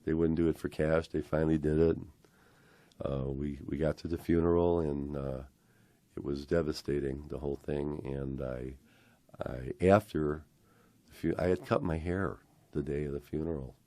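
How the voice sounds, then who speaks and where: An older man from the American Midwest, a interview guest telling a personal story with halting restarts and acted-out voices. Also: rumbling low, fairly even intonation, mellow, no room sound.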